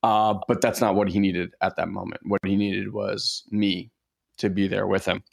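A man co-hosting a casual podcast, telling a heartfelt personal story in a halting way, with lots of fillers and restarts. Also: lowish voice, little pitch movement, gravelly.

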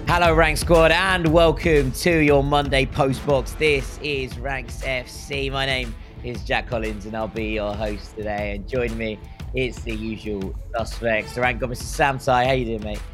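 A man in his thirties hosting a football podcast, relaxed and jokey, reading out listener comments. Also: medium pitch, unhurried, over music. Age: 30s. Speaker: podcast host. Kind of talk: casual football podcast chat.

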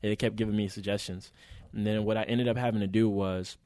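A man's voice: lowish voice, steady tone, fast, darkish tone, no echo, studio quality. A man co-hosting a podcast, telling a story in casual chat with plenty of slang and swearing. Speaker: podcast co-host.

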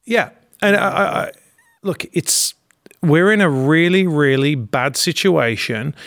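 A man's voice: a little high, expressive, unhurried, creaky, a bit bright, no room sound, studio quality. A man co-hosting a political talk show, speaking in an indignant, rambling way. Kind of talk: political commentary.

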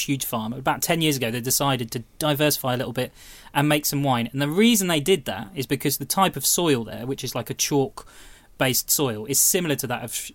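A man's voice: a little high, fairly bright tone, dry recording. A man telling a chatty, enthusiastic story about a trip in a casual studio chat. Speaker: podcast contributor.

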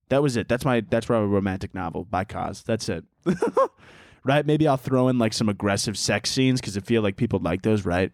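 A man's voice: medium pitch, animated, a little fast, no room sound, studio quality. A man hosting a solo comedy podcast, rambling in a goofy, crude way and slipping into mock-dramatic narration.

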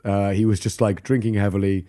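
A man's voice: lowish voice, little pitch movement, a little fast, warm tone. A man co-hosting a casual true-crime podcast, joking and swearing as he tells the story. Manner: jokey, swears, breaks into laughter and mock voices. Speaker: podcast co-host.

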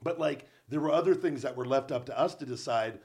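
A man's voice: mid-range voice, vocal fry, a little mellow. A man in his thirties hosting a podcast, speaking earnestly and encouragingly in casual chat. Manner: earnest, encouraging, quick to agree. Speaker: podcast host.

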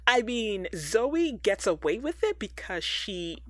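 A woman's voice: mid-range voice, takes it slowly, noisy background. A woman co-hosting a podcast, ranting sarcastically about a TV episode in casual chat. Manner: animated, sarcastic, exaggerated ranting. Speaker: podcast co-host.

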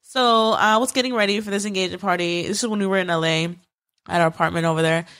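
A woman's voice: mid-range voice, fast talker. A young woman co-hosting a podcast, telling a story in casual chat with lots of fillers and cursing. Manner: animated storytelling, swears freely, lots of fillers. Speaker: podcast co-host.

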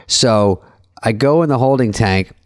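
A man in a casual podcast chat, spinning a rowdy, swear-laden story with animated energy. His voice sits in the usual male middle range. It is recorded close and dry, with no room around it. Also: mid-range voice, measured pace, dry recording. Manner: profane, animated anecdote-telling. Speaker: podcast co-host.

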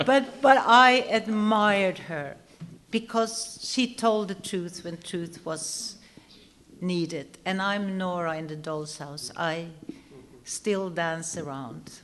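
Older woman telling an animated story. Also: lowish voice, slow, a little hiss or hum. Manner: animated storyteller, acts out quoted lines, laughs often. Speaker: guest actress telling a story. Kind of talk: anecdote to a live audience.

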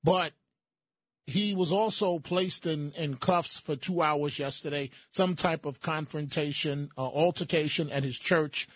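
A male host delivering opinionated news commentary at a slow, deliberate pace. His voice sits a little high for a man, and his sardonic, emphatic remarks are broken up by frequent fillers. The sound is dry and close, with no room behind it. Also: a bit bright, no echo.

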